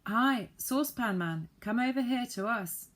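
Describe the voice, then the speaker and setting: A woman reading the part of an eager, bold young boy in a children's story, in a brisk, raised voice. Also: fairly low pitch, natural voice. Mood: urgent.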